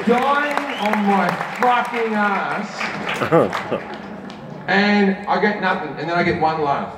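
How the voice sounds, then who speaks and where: An Australian stand-up comedian on a large arena stage tells a swear-filled story, acting out characters with big pitch jumps. The very noisy recording is roomy, with a live crowd, the mic heard from far off and audience laughter behind him.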